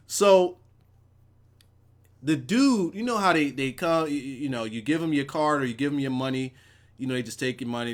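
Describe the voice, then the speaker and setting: Lively, rambling, profane male streamer. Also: fairly high pitch. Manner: rambling, profane and animated, with chat asides. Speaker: wrestling show reviewer hosting a live stream. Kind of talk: casual live-stream storytelling.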